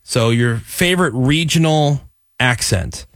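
A man's voice: mid-range voice, unhurried, a bit bright, dry recording, clean studio sound. A man hosting a morning radio show, mixing promos and listener prompts with jokey banter and blunt opinions. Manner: reads a phone number and list, then jokes and complains.

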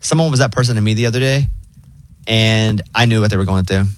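A man hosting a radio show, chatting casually and teasing his co-host with quick questions. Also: lowish voice, no echo. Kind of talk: casual morning radio chat.

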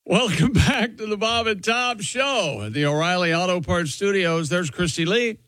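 A man's voice: high voice, expressive, normal speed, fairly bright tone, no room sound. A man hosting a radio show, chatting casually with his co-hosts at a close studio mic.

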